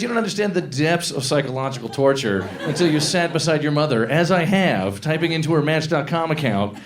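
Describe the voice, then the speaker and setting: A man performing a stand-up comedy set, telling a story with animated delivery that rises to shouts. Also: fairly high pitch, fairly quick, few pauses, noisy background.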